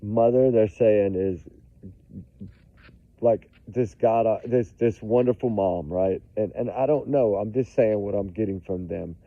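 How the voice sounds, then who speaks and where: Male commentator, low gravelly voice, emphatic and repetitive, phone-quality audio. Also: a little slow, dry recording. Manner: emphatic, repetitive, addresses viewers as y'all. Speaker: true crime commentator. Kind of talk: casual commentary to viewers.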